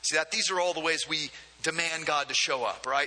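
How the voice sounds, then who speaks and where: High bright-voiced male pastor preaching. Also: a little fast. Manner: conversational preaching, many asides and repeated words. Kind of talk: sermon. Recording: long hall reverb.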